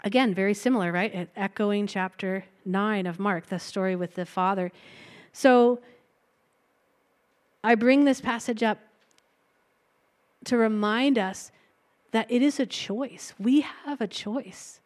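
A woman's voice: medium pitch, measured pace, long pauses, a little mellow. A woman preaching a sermon in a conversational way, retelling a Bible story and breaking into light laughs between points.

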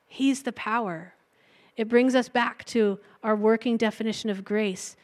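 A woman preaching a sermon in a conversational way, retelling a Bible story and breaking into light laughs between points. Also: mid-range voice.

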